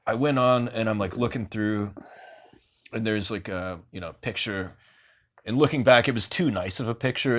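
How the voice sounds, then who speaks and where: Man, young adult, low voice, rambling, profane, casual podcast guest. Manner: rambling, filler-heavy, profane. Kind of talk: casual storytelling in an interview.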